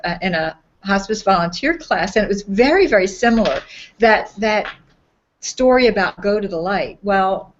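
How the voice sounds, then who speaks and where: Woman, podcast co-host, casual chat, animated, laughs often, medium pitch, dull lo-fi sound.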